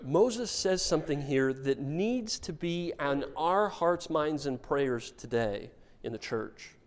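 Pastor, male, fairly high voice, lively storytelling sermon with dry jokes. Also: takes it slowly. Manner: animated storytelling with wry humor.

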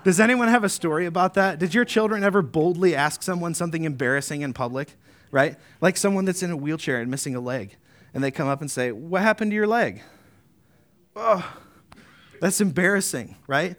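A man preaching a sermon as pastor, earnest, often adding tag questions, slowing down to read deliberately. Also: fairly high pitch, a bit bright. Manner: earnest, rising to emphatic peaks, slowing to deliberate reading.

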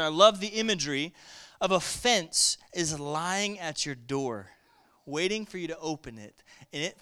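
A man preaching a sermon with lively energy, calling on the congregation to respond. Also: on the high side, smooth.

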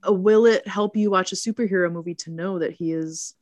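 Woman co-host, mid pitch, sarcastic movie recap with silly voices, dry close sound. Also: fairly even intonation, brisk, darkish tone, dry recording. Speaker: podcast co-host. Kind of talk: casual chat recapping a movie.

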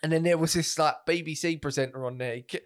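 A young man, co-hosting a podcast, telling stories in a casual, animated way, swearing freely and acting out what people said. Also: on the high side, quick pace. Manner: animated storyteller, swears freely, acts out quotes. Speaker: podcast co-host, comedian. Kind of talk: casual chat.

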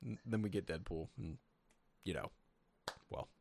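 A man's voice: low voice, unhurried, vocal fry, no room sound. A man co-hosting a casual podcast, telling stories with lots of swearing and acted-out quotes. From Sacramento, California. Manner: animated, profane storytelling with lots of voiced quotes. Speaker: podcast co-host. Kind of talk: casual chat.

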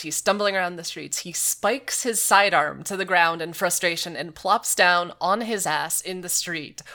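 A woman's voice: lowish voice, bright, forceful tone. A woman co-hosting a casual gaming podcast, sarcastic and casually swearing. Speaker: podcast co-host.

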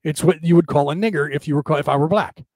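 An American man hosting a live-streamed show, rambling quickly in casual talk and peppering it with "right?" and mock voices. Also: on the high side, a little mellow, no room sound. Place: home setup, camera off.

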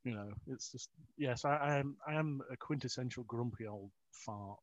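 A man's voice: mid-range voice, moderate pace, a crowd in the background. A middle-aged man in a casual chat, rambling with restarts, self-mocking and often chuckling. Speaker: interview guest. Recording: dull lo-fi recording.

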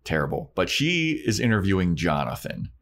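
A man with a low, deep voice talks through an episode recap in a relaxed, chatty way. He keeps slipping into the characters' lines as he retells the scenes. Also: normal speed. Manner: animated recapper who acts out characters in high falsetto voices. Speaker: podcast co-host recapping a TV episode. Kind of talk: casual chat.

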